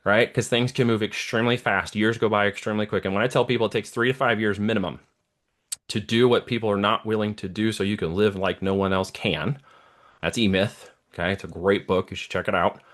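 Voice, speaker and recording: A man's voice: lowish voice, steady tone, brisk, fairly bright tone. A middle-aged man talking as an interview guest, giving a motivational talk and often checking in with "okay?" and "right?". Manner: preachy, checks in with listener often. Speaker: guest, entrepreneur.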